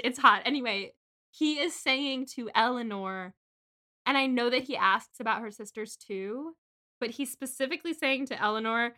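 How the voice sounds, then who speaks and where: A young woman co-hosts a relaxed book podcast and recaps the chapters in an animated, gushing rush. Her voice sits fairly high and sounds bright. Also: normal speed. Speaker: podcast co-host. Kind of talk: casual book-club chat.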